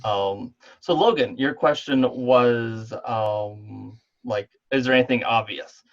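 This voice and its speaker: A game master taking players through the scene, talking slowly and haltingly with a lot of ums. His voice has a mid pitch and comes through dull and muffled over an online call. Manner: hesitant, many ums. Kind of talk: narrating a tabletop game online.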